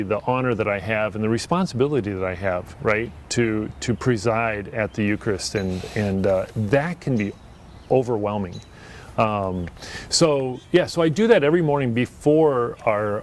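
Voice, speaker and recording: A man's voice: lowish voice, slight background noise. A man who is a priest, talking in an earnest, reflective way in a casual conversation and often restarting his sentences.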